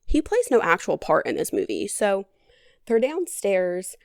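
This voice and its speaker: A woman's voice: medium pitch, sing-song, a little slow, gravelly, no room sound. A woman hosting a podcast, recapping a movie in a chatty, casual way with dry, sarcastic humor and a lot of "like". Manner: chatty, heavy on "like". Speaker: podcast host.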